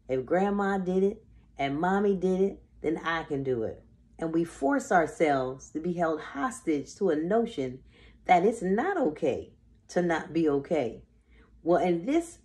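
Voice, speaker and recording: Expressive low-voiced woman preaching. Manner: preaching, rhetorical questions, dramatic pauses. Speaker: host. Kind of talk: inspirational faith talk.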